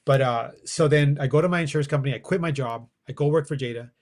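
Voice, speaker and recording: Middle-aged male storyteller, casual and animated, acts out quoted dialogue, mid pitch. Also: fast talker. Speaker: guest.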